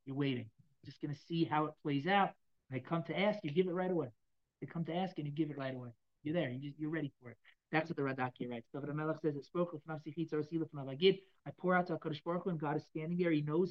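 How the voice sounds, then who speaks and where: A man's voice: on the high side, very fast, highs cut off. A man teaching a Torah class on Psalms to a live audience, talking casually, repeating phrases and restarting with many fillers.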